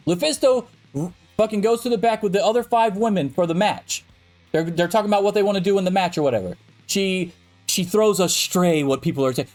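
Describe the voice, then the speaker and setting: High-pitched male podcast co-host, heated, cursing ranter, emphatic delivery. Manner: ranting, profane, emphatic. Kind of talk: heated debate.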